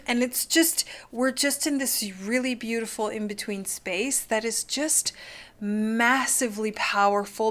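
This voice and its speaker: A woman's voice: a little high, a bit bright. A woman hosting a live-streamed card reading, gushing and chatty and full of "like".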